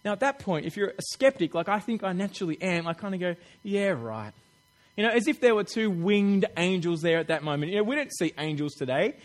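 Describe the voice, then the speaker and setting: A man preaching a sermon in a chatty, animated way, acting out little quotes with laughs. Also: high-pitched, fast talker, few pauses.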